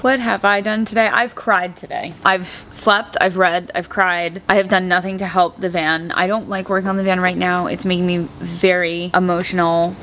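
A woman's voice: fairly low pitch, flat delivery, moderate pace, hardly any pauses, a bit bright, a little hiss or hum. Chatty woman vlogging casually. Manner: chatty, rambling, frequent "like" and "I feel like". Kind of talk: casual vlog chat. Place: at family's house, working on a van.

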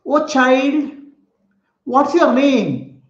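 A man's voice: very high-pitched, very slow, echoey room, highs cut off, pitched above the performer's own voice, exaggerated voice. A man voicing a boastful demon emperor who mocks a small boy with scoffing questions. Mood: kindly.

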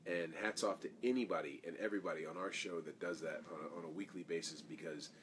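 A man's voice: sits low, steady tone, quick pace, a bit bright, slight background noise. A man, an actor, answering fan questions in a casual live Q&A, reading each question aloud and rambling through his answers.

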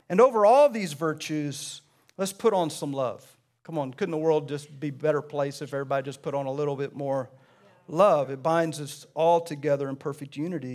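A middle-aged pastor delivers a sermon in a fairly high voice. He preaches emphatically, his voice climbing and swelling on the key phrases.

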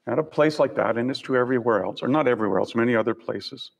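An older man from Saskatchewan gives a relaxed campus lecture, telling stories with dry humor. His voice sits at an ordinary middle pitch. A long hall reverb trails each phrase. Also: fast, vocal fry, slightly rough. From Canada (Saskatchewan). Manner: conversational storytelling with dry humor. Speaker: university professor and senior officer, guest speaker. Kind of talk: public lecture with slides. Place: lecture room on a college campus.

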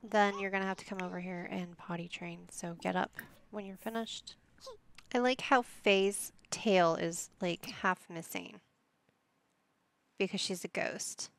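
Woman gameplay commentator, sassy and chatty, some vocal fry, recorded with audible noise. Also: mid-range voice, fairly even intonation, unhurried. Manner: chatty, bossing her game characters around with playful sass.

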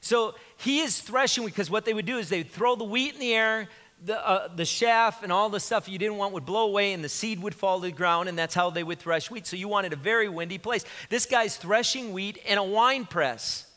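A man's voice: sits high, a little fast, bright, forceful tone. A male pastor preaching a sermon in a conversational, joking way as he retells scripture. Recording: reverberant hall.

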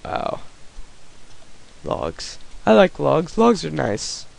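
Goofy, gravelly-voiced gaming man with a cold. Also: a little high, very slow, a little hiss or hum, low-quality recording. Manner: goofy, excitable, yelps at the game. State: voice affected by a cold. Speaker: gaming YouTuber. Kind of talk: Minecraft gameplay commentary.

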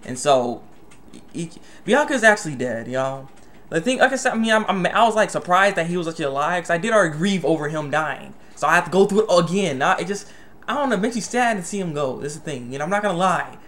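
A young man giving a casual spoken manga review, excitable and stammering with many restarts. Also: a little high, fast.

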